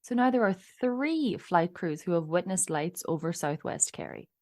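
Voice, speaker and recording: Woman on a podcast, deep voice, chatty and laughs a lot. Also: animated, normal speed, mellow. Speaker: podcast co-host. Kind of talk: casual chat and scripted narration.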